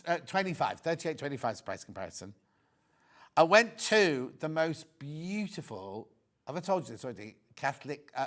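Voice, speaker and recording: A man's voice: fairly high pitch, a bit bright. A middle-aged man presenting a live TV sales show, chatting in rambling, joking asides between prices. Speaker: shopping channel presenter.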